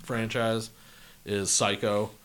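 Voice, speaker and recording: A man's voice: on the low side, level tone, slow, a bit bright. A man talking in casual podcast chat, enthusiastic and swearing casually.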